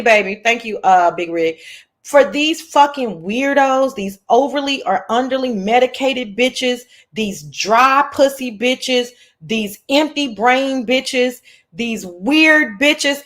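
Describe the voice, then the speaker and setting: A woman hosting a casual livestream chat, brash and profane, telling stories with lots of energy. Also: high-pitched. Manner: brash, profane, animated storytelling. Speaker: livestream host.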